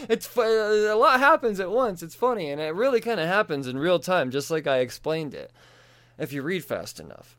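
A man's voice: fairly high pitch, very animated, brisk, fairly bright tone, clean tone. A man casually recapping comic book issues, swearing freely and laughing as he talks. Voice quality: profane, laughs often.

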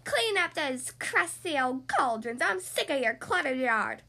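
A woman's voice: sits high, big pitch swings, pushed and bright, full character voice. A woman doing a fussy, scolding tidy monster. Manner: slow, scolding.

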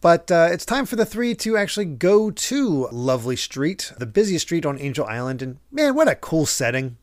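A man's voice: fairly high pitch, moderate pace, no echo, studio quality. A man hosting a podcast, casually recapping a manga and acting out the characters' lines as he goes. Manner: animated, acts out characters' lines while retelling. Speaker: podcast host.

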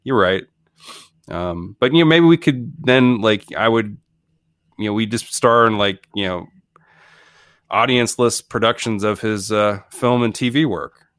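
A man's voice: on the low side, a little slow, fairly bright tone, dry recording, studio quality. A man co-hosting a podcast, chatting casually and jokily about a movie, rambling with many restarts. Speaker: podcast co-host. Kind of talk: casual comedic movie chat.

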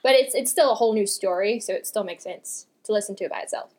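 A woman's voice: medium pitch, fast talker, darkish tone. A woman co-hosting a book podcast in casual chat, laid-back and full of "like" and "you know". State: hiccuping. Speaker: podcast co-host.

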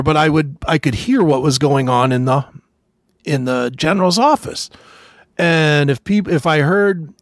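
A man hosting a podcast, telling army stories in a casual, profane way and loudly acting out the people he quotes. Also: a little high, no echo, studio quality. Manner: animated, swearing, acts out quotes loudly. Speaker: podcast host, former soldier. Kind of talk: casual storytelling chat.

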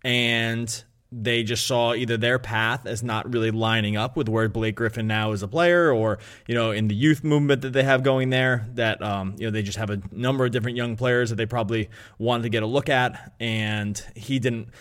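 A man's voice: medium pitch, steady tone, moderate pace, a bit bright. A man co-hosting a sports podcast in casual chat, rambling and correcting himself as he goes. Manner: rambling, self-correcting, chuckles. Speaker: podcast co-host, betting analyst.

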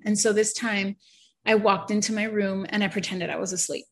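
A woman at a mid-range pitch tells her personal testimony in an earnest, emotional way. She halts and stammers through restarts, and she often sinks into a soft, quiet voice. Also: fairly even intonation, moderate pace. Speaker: person sharing a faith testimony.

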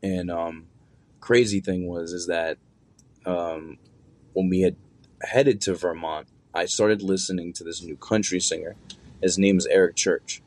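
A man's voice: low-pitched, unhurried, darkish tone. A young man telling a personal story in a loose, conversational way, with plenty of fillers and slang.

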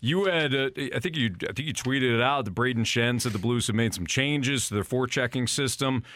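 A man's voice: medium pitch, brisk, a bit bright, dry recording. A man hosting a sports radio show, wry and sarcastic in his banter. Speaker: radio host. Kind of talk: casual radio chat.

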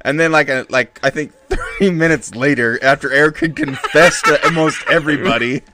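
A man in casual chat with friends, telling stories in a lively way and laughing as he goes. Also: fairly high pitch, brisk.

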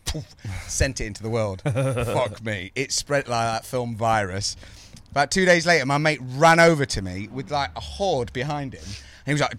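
A man in his thirties with a Birmingham accent, co-hosting a casual podcast and telling animated, sweary stories full of put-on voices. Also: mid-range voice, moderate pace, few pauses. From English Midlands. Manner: animated, sweary, laughing storyteller who does voices. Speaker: podcast co-host. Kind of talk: casual chat, storytelling. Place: outdoors.

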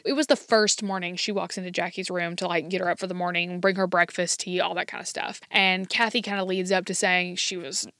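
A woman hosting a podcast, telling a history story in a chatty, quick way, often saying "like" and "kinda". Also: fairly low pitch, flat delivery, fairly bright tone, no echo, studio quality. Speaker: podcast host. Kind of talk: casual podcast narration.

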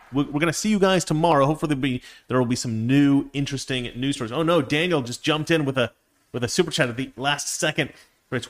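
A man's voice: mid-range voice, fairly bright tone. A man hosts a livestream from a home studio, reading out viewer messages and answering them. He talks into a desk microphone in an opinionated, rambling way, restarting his sentences often. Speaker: live stream host. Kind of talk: livestream commentary reading super chats.

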